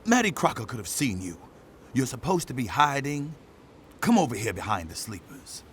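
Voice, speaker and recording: A man playing a calm, kindly train porter who talks patiently and scolds gently in an audio drama. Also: mid-range voice, moderate pace, a little hiss or hum.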